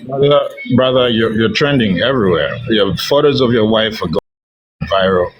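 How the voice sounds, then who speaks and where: A man's voice: fairly low pitch, animated, normal speed, dull audio. A man calling into a livestream, insistent and repeating short phrases as he argues with the host. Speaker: caller. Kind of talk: call-in argument.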